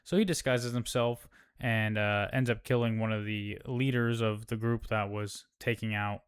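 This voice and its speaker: A man's voice: fairly low pitch, steady tone, moderate pace, smooth. A man giving a casual TV episode recap, rambling and swearing with plenty of fillers. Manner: rambling, profane, many fillers. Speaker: recap host.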